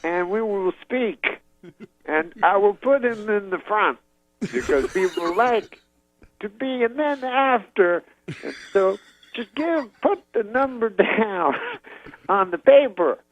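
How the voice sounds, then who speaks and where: A man doing a booming older comic in half sentences. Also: lively intonation, takes it slowly, no room sound. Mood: commanding. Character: older male comedian, halting clipped phrases. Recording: dull lo-fi dry sound.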